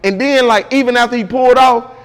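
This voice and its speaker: A man's voice: extremely high pitch, a little fast, big-room sound. A man guest in an interview, telling a story casually and with animation, full of slang and repeated "bro".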